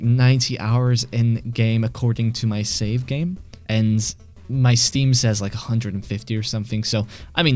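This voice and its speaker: Into a desk microphone, a British man with a fairly low, slightly mellow voice rambles casually as host of his gaming channel. He swears and pokes fun at himself.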